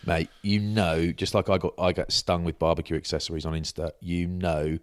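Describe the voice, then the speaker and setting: Deep-voiced man bantering on a podcast. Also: level tone, moderate pace, dry recording, clean studio sound. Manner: jokey, teasing, chatty banter. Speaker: podcast co-host. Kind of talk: casual sports podcast chat.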